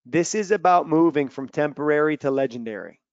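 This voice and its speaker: A man coaching athletes in a lively webinar talk, telling stories and acting out quotes loudly. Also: on the high side, brisk, smooth, no room sound, highs cut off. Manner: animated storytelling with loud acted-out quotes. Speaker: mental performance coach. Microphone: video call.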